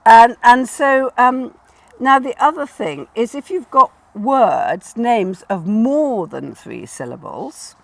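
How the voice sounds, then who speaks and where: A woman hosting a casual chat about plant names, instructive and quick to laugh, repeating words to stress them. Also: fairly high pitch, lively intonation, creaky, no echo. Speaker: garden designer and host.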